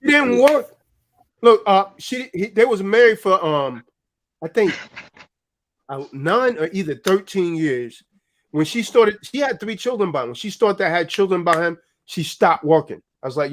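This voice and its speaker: A man's voice: sits high, expressive, normal speed. A man hosting a casual chat, telling stories in an emphatic, blunt way with plenty of swearing. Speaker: host.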